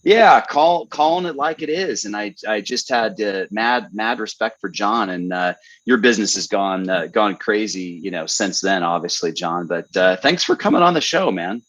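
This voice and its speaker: A man co-hosting a podcast speaks in a low voice, halting and full of fillers. The recording sounds dull and lo-fi, with the top end rolled off. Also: expressive, a bit bright. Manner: hesitant, many fillers and restarts. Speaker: podcast co-host. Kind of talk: casual podcast chat.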